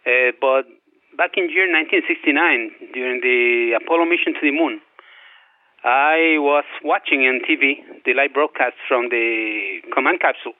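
A man in his sixties from Puerto Rico is a guest on a radio interview, calling in over the phone. His voice sits at a middling pitch, and he speaks hesitantly, restarting his sentences often. The phone line sounds narrow, tinny and dry. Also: normal speed, no room sound. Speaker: guest, journalist.

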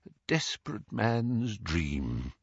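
A man reading the part of an old, remorseful male wizard mentor who speaks softly and haltingly. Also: lowish voice, very animated, breathy edge, no echo, highs cut off, exaggerated voice. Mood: murmuring. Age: older. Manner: soft, halting, confessional.

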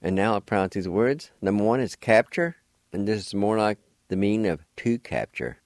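A man's voice: on the low side, expressive, a little mellow, no echo, clean studio sound. A middle-aged man, teaching vocabulary on the radio and spelling each word out letter by letter. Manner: spells out words letter by letter, unhurried. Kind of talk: slow, deliberate language lesson.

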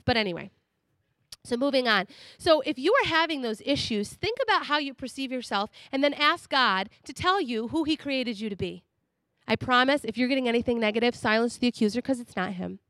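Chatty, animated female preacher with a high voice and a dry, close sound. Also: dry recording. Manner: animated and chatty, laughs often. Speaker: speaker. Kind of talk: sermon.

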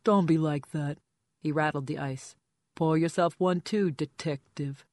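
An audiobook narrator voicing a drunk, drugged young man who talks slowly, mumbling and sulky. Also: mid-range voice, darkish tone, dry recording, clean studio sound, lightly acted. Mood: wheedling. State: drunk and slurring. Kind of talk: audiobook character voice.

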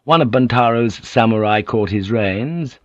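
A man reading an audiobook in steady, descriptive scripted narration. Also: mid-range voice, measured pace, no echo, lo-fi sound.

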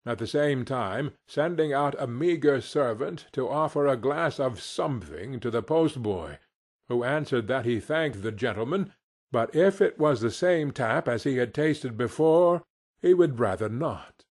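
A man narrating an audiobook with expressive storytelling. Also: mid-range voice, a little slow. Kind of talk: scripted narration.

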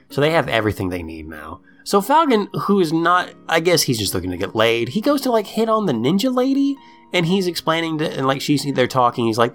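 A man in casual chat, recapping a cartoon episode with lively storytelling and lots of "like", acting out the characters' lines. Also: mid-range voice, fast talker, faint music behind. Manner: profane, lots of "like". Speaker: podcast co-host recapping a cartoon.

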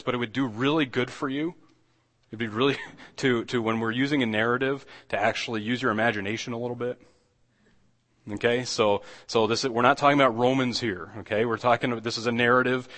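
A man's voice: mid-range voice, fairly bright tone. Pastor man preaching in a reverberant hall. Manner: conversational, many restarts, acts out quoted lines. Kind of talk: sermon.

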